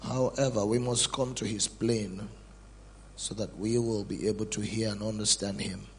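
A man leading worship as a psalmist, praying softly with slow, repeated words of adoration. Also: fairly low pitch, steady tone, a little hiss or hum. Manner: slow, hushed, repetitive adoration. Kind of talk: soft spontaneous worship prayer.

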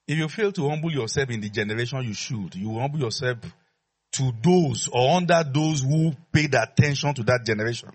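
Man, pastor, husky mid-range voice, emphatic sermon with repeated lines and call-and-response. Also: mid-range voice, a little fast.

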